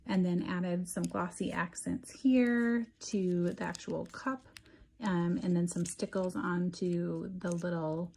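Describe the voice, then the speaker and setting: A woman's voice: lowish voice, steady tone, takes it slowly, vocal fry, a little mellow, a little hiss or hum. A woman walking through a craft project step by step in a casual tutorial, with frequent ums as she explains. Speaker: craft instructor. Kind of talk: relaxed craft tutorial walkthrough.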